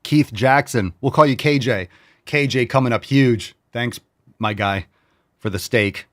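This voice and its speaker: A man in his forties from New York hosting a fitness show, reading viewer meals aloud in a loud, brash, profane, riffing way. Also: mid-range voice, a little slow. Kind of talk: casual chat reading viewer posts.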